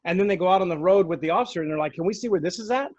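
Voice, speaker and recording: A man with a high voice tells stories in casual conversation, playing out the voices of people he quotes. His voice sounds dry and a little dull, with no room behind it. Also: rapid-fire, no room sound. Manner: animated storyteller, acts out quotes. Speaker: podcast co-host, former dispatcher. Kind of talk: casual storytelling chat.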